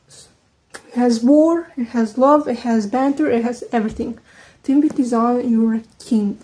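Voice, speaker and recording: A woman's voice: fairly high pitch, poor audio. Chatty young woman, non-native English. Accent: American-leaning English, second language. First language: not English. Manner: chatty, quick, trailing off into soft asides. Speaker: book vlogger. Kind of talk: casual chat.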